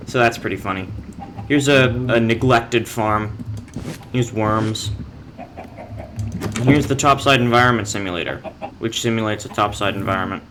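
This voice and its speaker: A man's voice: on the low side, moderate pace, pauses often, background noise. A young man casually walking through his game base, rambling, correcting himself and making dry offhand jokes. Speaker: player giving a base tour. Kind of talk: casual game walkthrough commentary.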